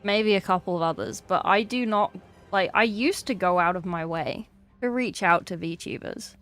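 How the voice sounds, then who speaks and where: A woman's voice: mid-range voice, normal speed, fairly bright tone, soft background music. An English woman chatting casually on a livestream, chatty and swearing freely with exasperated asides. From England. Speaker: streamer.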